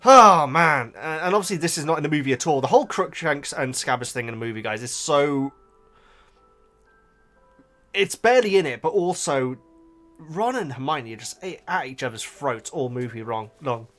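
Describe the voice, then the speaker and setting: A man hosting a casual book reaction, animated and emotional, with frequent restarts. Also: a little high, moderate pace, soft background music.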